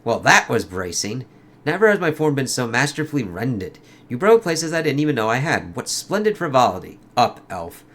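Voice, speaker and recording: A man's voice: mid-range voice, big pitch swings, normal speed, fairly bright tone, pitched above the performer's own voice. A man voicing a grandiose, mocking male villain from a comic, read with lofty theatrical phrasing.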